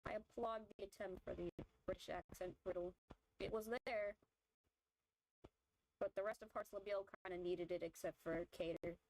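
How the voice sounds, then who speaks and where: A woman's voice: on the low side, steady tone, moderate pace, pauses often, a little mellow, a little hiss or hum, poor audio. A woman streamer in casual chat, rambling through her opinions with lots of fillers and restarts. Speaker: vtuber streamer. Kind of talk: casual chat while drawing.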